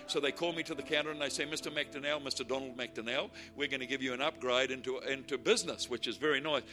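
A man preaching a sermon, telling humorous stories and swinging from quiet asides to shouted declarations. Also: mid-range voice, fairly even intonation, quick pace, soft background music.

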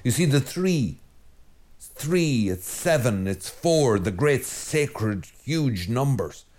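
Slow-speaking Irish priest preaching. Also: male voice, medium pitch, lively intonation, a little mellow. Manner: conversational and digressive, repeats phrases for emphasis. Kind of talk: Sunday homily.

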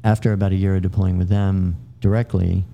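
A man's voice: sits low, flat delivery, brisk, creaky, dull audio. A middle-aged man, a military veteran guest, telling long casual anecdotes full of fillers and restarts. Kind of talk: casual storytelling.

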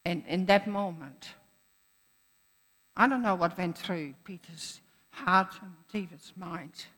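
A woman's voice: lowish voice, slow pace, fairly bright tone. A woman preacher giving a sermon in an earnest manner, repeating phrases for emphasis. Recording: echoey hall.

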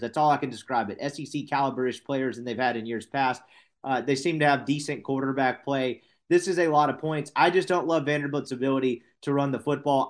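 Rambling man picking football games. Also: medium pitch. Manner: rambling, self-correcting, wry asides. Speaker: sports podcast host. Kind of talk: casual sports betting chat.

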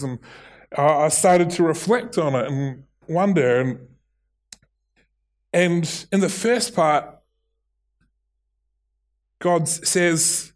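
A middle-aged man with a New Zealand accent delivers a sermon in a slightly high voice. He speaks earnestly, restarting and repeating words as he builds his point. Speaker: pastor.

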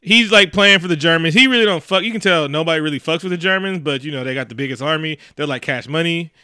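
A man co-hosting a podcast who recaps a movie as comedy, with profane storytelling and quick slips into character voices. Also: on the high side, sharp tone, clean tone, dry recording, studio quality. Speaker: podcast co-host.

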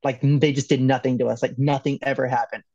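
A man's voice: mid-range voice, little pitch movement, quick pace, a little mellow, no room sound. Podcast guest, man from L.A., loose and joking with lots of laughs; dry, slightly muffled recording. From Los Angeles, California. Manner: laughs often, loose and joking, swears, many "like"s. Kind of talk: casual storytelling.

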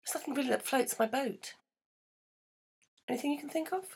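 A woman's voice: sits high, brisk, a little mellow, slightly rough. A middle-aged woman co-hosting a podcast, dry and self-deprecating, laughing a lot in casual chat. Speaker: podcast co-host.

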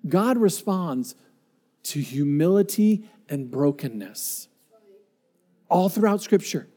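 Male pastor, middle-aged, high voice, emphatic preaching with dynamic swings. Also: expressive. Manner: emphatic, varies volume from loud to quiet, slows for scripture. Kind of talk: sermon.

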